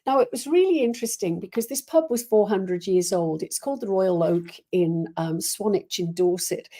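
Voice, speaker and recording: A woman's voice: mid-range voice, moderate pace, warm tone. A woman from Wales with a Welsh accent hosts a live stream, chatting in a rambling way with many fillers and restarts as she greets her viewers. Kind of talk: casual live-stream chat.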